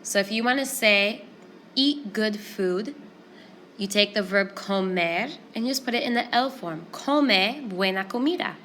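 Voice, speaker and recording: A woman teaches a Spanish lesson, walking through each rule in a clear, patient, step-by-step way. Her voice sits at a medium pitch, with a faint hiss of noise behind it. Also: moderate pace, few pauses. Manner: clear, explanatory, steady step-by-step pacing. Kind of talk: classroom grammar lesson.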